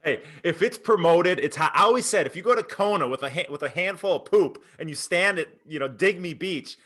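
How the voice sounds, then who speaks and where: Male podcast host with a bright, forceful voice, playful and teasing on a video call. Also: sits high, expressive, fairly quick, hardly any pauses. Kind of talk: joking live podcast banter.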